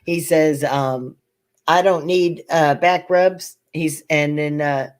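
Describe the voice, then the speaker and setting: Older lady just chatting, lively stories, laughs a lot. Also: deep voice, slow. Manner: lively storytelling with laughter, acting out voices. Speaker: channel host. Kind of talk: casual chat.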